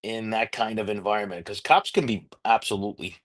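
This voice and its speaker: A man, a former homicide investigator, talking through a case in a relaxed, plain-spoken way. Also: on the low side, brisk. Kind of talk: casual podcast discussion.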